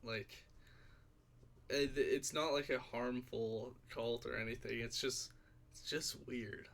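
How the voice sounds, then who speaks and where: Laid-back bright-voiced young man. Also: mid-range voice, fairly even intonation, takes it slowly. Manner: laid-back, says bro and like a lot. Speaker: co-host. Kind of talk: casual chat.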